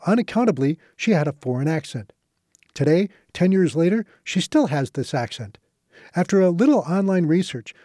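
Mellow, dry-voiced male narrator. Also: on the high side, no echo. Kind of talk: scripted narration.

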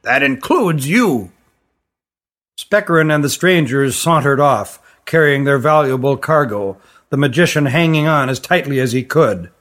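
A man narrating a fantasy story in an even, careful reading voice. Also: mid-range voice, normal speed. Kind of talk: audiobook narration.

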